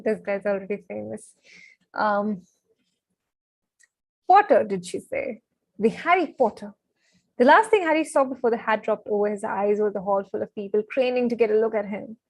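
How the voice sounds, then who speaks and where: A young woman reading a novel aloud on a live stream. She is excitable and chatty, breaking off often with fillers and apologies. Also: mid-range voice, vocal fry, no echo, low-quality recording. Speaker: live-stream book reader.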